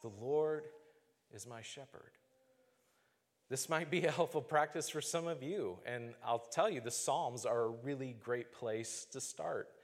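A man preaching a sermon as pastor, earnest and measured, slowing down to stress key phrases. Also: medium pitch, in a large hall.

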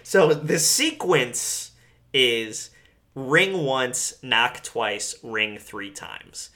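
Lively bright-voiced man recapping a film. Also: mid-range voice, extremely slow. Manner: animated, profane, does silly impressions of characters. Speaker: podcast co-host. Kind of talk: casual chat recapping a movie.

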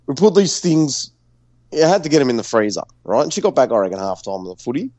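Brief: Australian male podcast co-host, lively sweary storyteller, dry close recording. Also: medium pitch, fast, no echo. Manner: animated, profane, storytelling. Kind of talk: casual sweary banter.

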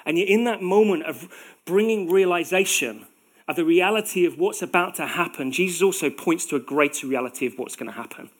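A man's voice: high voice, fairly quick. A man in his forties preaching a sermon in a conversational way, with self-deprecating humor.

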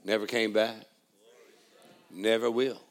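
A male preacher delivering a sermon in call-and-response style, dropping to low murmurs and then rising to shouted praise. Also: fairly even intonation, slow pace.

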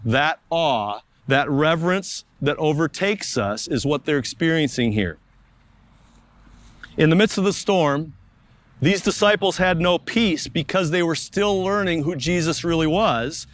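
A young man preaching a sermon outdoors in a park. His voice sits a little high for a man, and he talks earnestly, stretching out key words with slow pauses. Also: lively intonation. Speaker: pastor.

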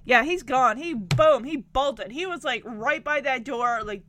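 High, animated young woman recapping. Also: a little slow, hardly any pauses, a little hiss or hum. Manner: animated, indignant storytelling. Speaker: TV show recapper. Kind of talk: casual episode recap.

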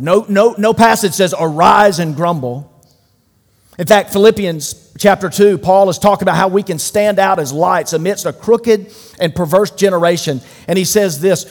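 A man preaching a sermon to a large room, emphatic and swinging from loud declarations to hushed asides. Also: on the high side. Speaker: pastor. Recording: long hall reverb.

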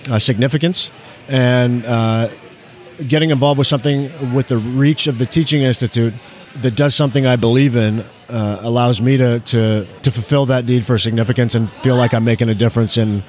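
A man talking casually as a guest at an even, middle pitch. He often stumbles and repeats himself and fills gaps with long uhs. He shares sincere thoughts in a loose, conversational way. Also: a little fast. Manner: stammering, repeats words, many fillers. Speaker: emergency physician and guest. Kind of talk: casual interview chat.

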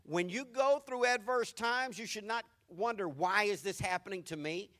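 Bright-voiced middle-aged preacher. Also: male voice, high-pitched. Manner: emphatic preaching that repeats key phrases and swings between loud and hushed. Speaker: pastor. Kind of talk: sermon.

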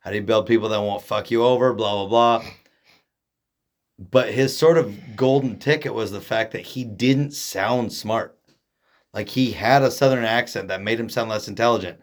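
A man's voice: on the low side, moderate pace. A man from Oregon co-hosting a podcast in casual chat, rambling and joking, often trailing off mid-sentence. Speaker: podcast co-host.

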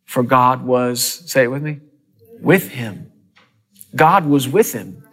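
A man preaching a sermon in a church, lively and dramatic, with fast bursts and sudden hushed drops. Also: medium pitch. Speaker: pastor.

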